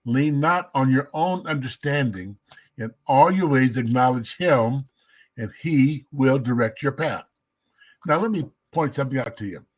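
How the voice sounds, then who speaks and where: A man giving a casual devotional teaching, emphatic, slowing down to stress key words and sometimes dropping to a whisper. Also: medium pitch, expressive. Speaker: messianic Jewish teacher.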